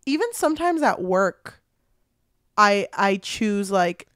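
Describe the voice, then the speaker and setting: A woman's voice: medium pitch, slow, no room sound, studio quality. A woman co-hosting a casual book podcast, retelling a plot with lots of swearing and fillers. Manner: animated retelling with frequent swearing. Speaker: podcast co-host.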